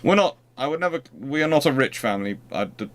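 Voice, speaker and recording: A man's voice: mid-range voice, animated, quick pace, a bit bright, slight background noise. A man hosting a livestream, chatting casually and rambling with frequent restarts. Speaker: host.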